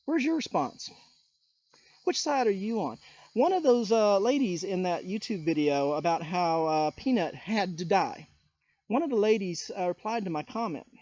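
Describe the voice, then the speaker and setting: A man's voice: high-pitched, lively intonation, normal speed, darkish tone, dry recording, muffled recording. A man ranting on his vlog, indignant, calling people out by name and firing rhetorical questions at them. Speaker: YouTuber. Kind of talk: political rant vlog.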